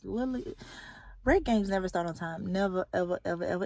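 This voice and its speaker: At a kids' sports game, a young adult nurse vlogs a candid, casual chat, sometimes dropping to a whisper. She talks fast in a lowish, gravelly, warm voice with no echo.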